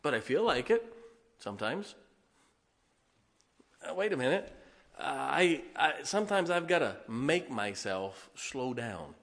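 A preacher in his forties delivers a lively, humorous sermon. His pitch sits in the middle for a man, and he punches key lines loudly before dropping into soft, confiding asides. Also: unhurried, pauses often. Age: 40s. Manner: energetic, swings between loud emphasis and soft asides; folksy and humorous. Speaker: pastor.

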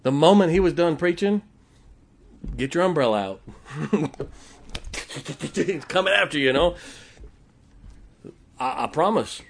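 A man's voice: on the high side, slow pace, vocal fry, pauses often, husky. A middle-aged man, preaching a sermon in church in a folksy storytelling manner. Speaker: pastor.

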